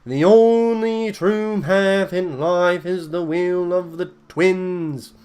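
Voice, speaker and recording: A man voicing a stern male herald of a church inquisition, proclaiming slowly and solemnly while reading a text game aloud. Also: high voice, darkish tone, clean tone, pitched above the performer's own voice. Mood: stern, commanding.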